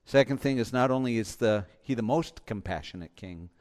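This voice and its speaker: A man preaching a sermon as pastor, impassioned, moving between loud urging and soft, hushed lines. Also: mid-range voice, moderate pace.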